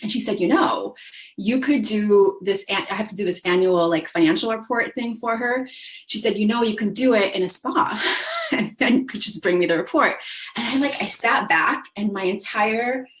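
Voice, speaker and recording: A woman's voice: mid-range voice, normal speed, fairly bright tone. A woman in her thirties, a business co-founder, telling a personal story in a casual panel talk, chatty and laughing often as she acts out quoted lines.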